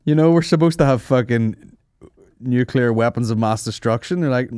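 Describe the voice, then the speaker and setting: A man's voice: medium pitch, normal speed, darkish tone, clear, resonant tone, no room sound. A man hosting a comedy podcast, rambling and swearing freely in casual banter on a close mic. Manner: sweary, rambling, laughs at his own jokes. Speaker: podcast host.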